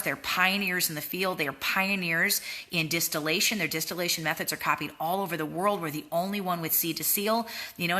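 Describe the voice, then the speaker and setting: A woman's voice: lowish voice, bright, forceful tone. A woman leading a motivational training talk for her sales team, earnest and repetitive, often tagging lines with "right?". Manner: earnest, repeats words, frequent "right?" tags. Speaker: network marketing team leader.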